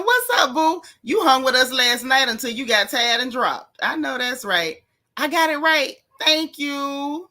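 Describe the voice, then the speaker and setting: A woman hosting a casual livestream, greeting viewers one by one in a lively, chatty way with slang. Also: a little high. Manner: lively, chatty, Southern Black American slang. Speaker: livestream host.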